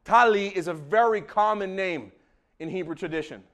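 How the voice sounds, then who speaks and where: A man preaching a sermon as pastor in a church, swinging from hushed tones to shouting. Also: high-pitched, moderate pace. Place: church sanctuary.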